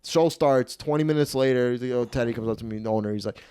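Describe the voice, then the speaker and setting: A young man hosting a comedy podcast, telling a rowdy story and acting out the shouted lines. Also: mid-range voice, quick pace, hardly any pauses, clean tone. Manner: animated, swearing, acts out quotes loudly. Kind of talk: casual storytelling.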